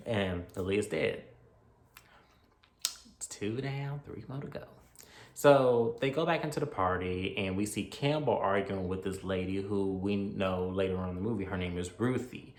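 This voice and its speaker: A movie reviewer casually recaps a horror film, chatty and acting out the characters' lines as he goes. His voice sits low, at a moderate pace with hardly any pauses, recorded in an echoey room.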